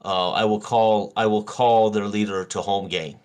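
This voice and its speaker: A man playing a tabletop game, describing his moves deliberately with pauses. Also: lowish voice, fairly even intonation, a little mellow, clear, resonant tone. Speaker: player. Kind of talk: casual tabletop game play.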